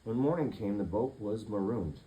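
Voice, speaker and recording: A man reading a children's picture book aloud as a bedtime story, with an expressive, lilting delivery. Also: fairly low pitch, moderate pace, poor audio.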